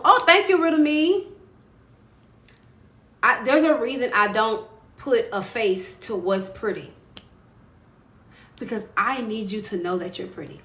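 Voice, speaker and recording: With a medium-pitched, slightly bright voice, a woman author runs a casual live stream, encouraging viewers and greeting them by name. She uses a phone microphone in an echoey room with faint ambience.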